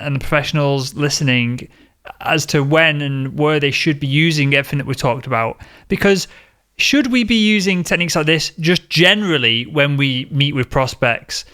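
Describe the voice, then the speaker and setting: A man's voice: on the high side, bright, forceful tone. A young man hosting a sales podcast, enthusiastically reacting and asking long, rambling questions. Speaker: podcast host. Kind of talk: podcast interview.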